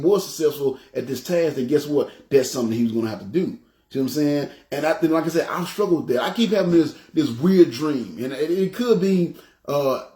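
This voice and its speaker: In an echoey room, a man whose voice sits on the high side and sounds a little mellow gives a casual sermon as pastor. He talks conversationally, repeats himself loosely, and frequently checks in with "you know what I'm saying."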